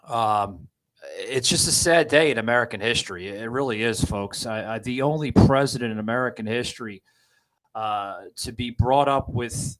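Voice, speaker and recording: A man hosting a podcast, giving political commentary in a halting, distraught way with many restarts. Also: mid-range voice, fairly bright tone, poor audio. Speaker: podcast host.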